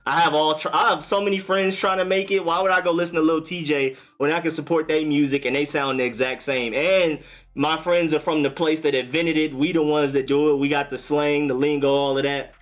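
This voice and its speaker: A young man hosting a casual live stream, chatting in a relaxed way and answering viewer comments. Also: fairly high pitch, brisk.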